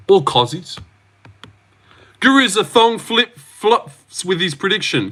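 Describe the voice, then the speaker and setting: A man's voice: medium pitch, expressive, measured pace, pushed and bright. A young Australian man hosting a livestream, reading out chat and reacting in loose, slangy talk. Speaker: livestream host.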